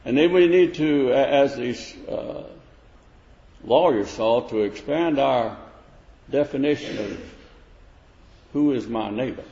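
A man's voice: mid-range voice, takes it slowly, long pauses, mellow, slight background noise. A man preaching a sermon, rising to emphatic questions and often restarting his phrases. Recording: echoey hall, dull lo-fi sound.

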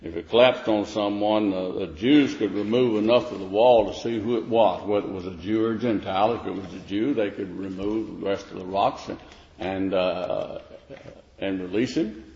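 A man's voice: on the low side, normal speed, a little mellow. Man preaching in an echoey hall. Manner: rising to emphatic questions, with restarts. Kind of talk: sermon. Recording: echoey hall, dull lo-fi sound.

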